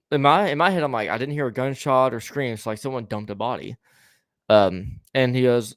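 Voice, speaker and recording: A man's voice: mid-range voice, normal speed, dry recording, studio quality. A man casually telling a story to a co-host, rambling with stammering restarts and swearing, acting out the lines of the people in it.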